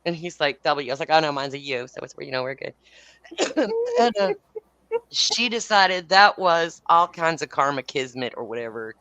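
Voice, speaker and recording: A woman's voice: deep voice, sing-song, moderate pace, a bit bright, no room sound. A woman telling a story in casual chat. She is blunt and profane and laughs as she talks. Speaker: podcast host.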